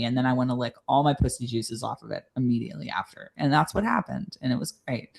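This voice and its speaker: A woman's voice: a bass voice, fairly quick, creaky, few pauses, a little mellow. A woman co-hosting a podcast, talking in a blunt, frank and profane way and filling her sentences with "like". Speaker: podcast co-host. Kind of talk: casual chat.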